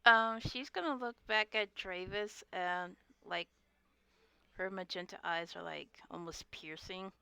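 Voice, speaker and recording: A woman's voice: lowish voice, a little slow, creaky, bright, forceful tone, clean tone, dry recording. A woman playing her character in a tabletop game, hesitant and full of fillers. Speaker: player.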